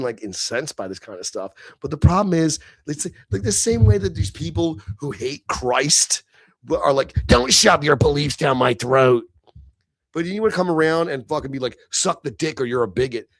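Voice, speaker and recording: A middle-aged man hosting a livestream vents in a heated, profane, sneering rant. His voice sits on the high side, in studio-quality sound with no room sound.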